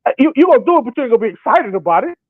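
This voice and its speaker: A young man talking sports on a podcast, excited and casual, often acting out made-up quotes. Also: very high voice, very fast, no room sound. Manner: acts out imagined quotes in put-on voices. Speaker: podcast co-host. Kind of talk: animated sports talk. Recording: thin phone-like sound.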